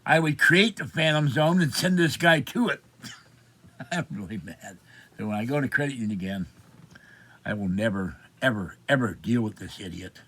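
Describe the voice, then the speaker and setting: A man's voice: medium pitch, lively intonation, moderate pace, fairly bright tone. Indignant man in his seventies ranting. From Pittsburgh. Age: 70s. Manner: indignant, complaining, rambling. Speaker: vlogger. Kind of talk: ranting personal vlog story.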